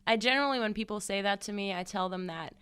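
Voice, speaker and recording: A woman's voice: medium pitch, quick pace, fairly bright tone, clear, resonant tone. A young woman from Germany, a volleyball coach, answering interview questions earnestly and thoughtfully. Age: young adult. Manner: earnest, thoughtful, with fillers and light laughs.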